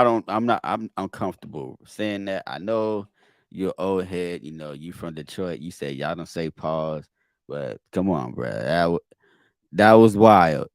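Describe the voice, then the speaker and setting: A man's voice: sits low, no room sound, studio quality. A man hosting a podcast and reacting to a video, exasperated and emphatic, often repeating his words. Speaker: podcast host.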